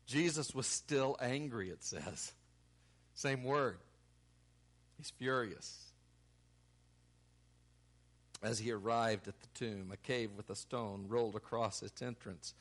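A man preaching a sermon, acting out the quoted lines with sudden loud, emphatic bursts. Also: lowish voice, a little slow, creaky, long pauses. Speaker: pastor.

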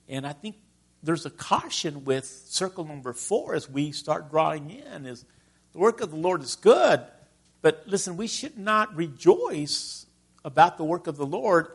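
A man's voice: a little high, husky. A middle-aged man from Texas preaching a conversational sermon and asking his listeners questions. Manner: conversational, asks the congregation questions.

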